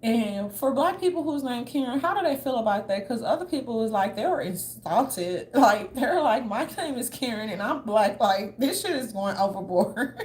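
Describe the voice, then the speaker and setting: Chatty, blunt woman vlogger, higher voice. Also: lively intonation, normal speed, a little mellow. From southern United States. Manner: loose, chatty, blunt and profane, talking straight to her viewers. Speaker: vlogger commenting to viewers. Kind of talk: casual livestream commentary.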